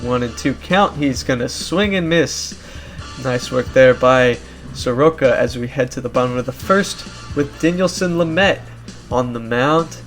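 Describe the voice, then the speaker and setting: A young man giving casual play-by-play commentary over a video game baseball league, animated and climbing into shouts at big plays. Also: medium pitch, measured pace, faint music behind.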